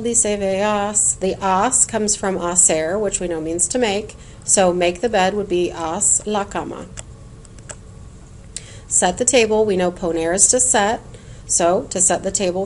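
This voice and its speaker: A woman's voice: on the low side, moderate pace, darkish tone, a little hiss or hum. Patient woman teaching a recorded lesson. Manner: clear and patient, chants in a sing-song rhythm. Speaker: Spanish teacher.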